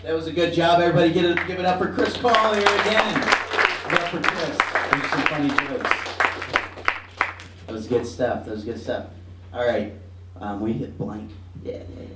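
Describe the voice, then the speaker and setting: A man's voice: a little high, moderate pace, over a noisy crowd. A young man hosting a comedy show, loose and offhand. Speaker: show host. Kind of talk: casual hosting banter. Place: student comedy room with audience. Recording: echoey room, far from mic, faint noise.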